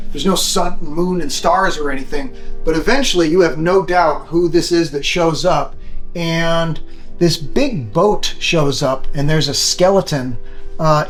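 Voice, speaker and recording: A man narrating as game master of a tabletop game, in a loose rambling way with many restarts. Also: on the high side.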